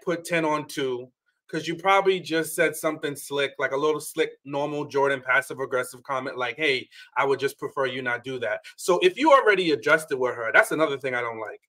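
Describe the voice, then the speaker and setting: Guy podcaster recapping a reality show, bright punchy voice kinda high, laughs a lot, acts out quotes. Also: brisk. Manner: animated storytelling, quotes people in playful voices, laughs often. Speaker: podcast co-host. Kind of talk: casual reality-TV recap chat.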